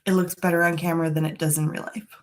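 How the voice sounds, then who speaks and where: A woman's voice: deep voice, little pitch movement, fast, slight background noise. A woman chatting frankly and a little dramatically through a live makeup tutorial from her home. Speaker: beauty vlogger. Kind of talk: casual live makeup chat. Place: home room.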